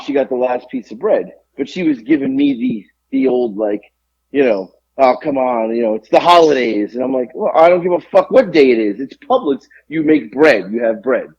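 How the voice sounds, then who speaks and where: A podcast co-host launches into a long, exasperated story, ranting animatedly and swearing throughout in casual storytelling fashion. His mid-range voice is creaky with a breathy edge, and the sound is lo-fi.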